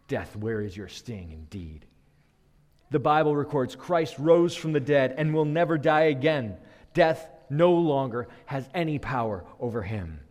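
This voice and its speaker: A man preaching a sermon, building rhythmic refrains that swell and then drop low. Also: lively intonation, a little slow, darkish tone. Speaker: pastor. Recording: long hall reverb.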